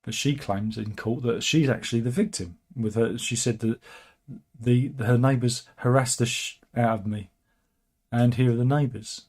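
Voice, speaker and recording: A man's voice: medium pitch, moderate pace, a little mellow. A man hosting a casual, satirical news commentary, wry and chatty with frequent asides. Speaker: host.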